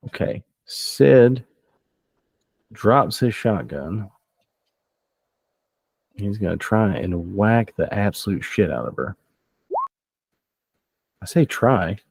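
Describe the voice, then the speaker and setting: Deep-voiced male game master, loose and jokey, dry close sound. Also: very animated, slow pace, creaky, pauses often, a little mellow, slightly rough, no echo. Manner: laughs often, swears casually. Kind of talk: running a tabletop game, casual and joking.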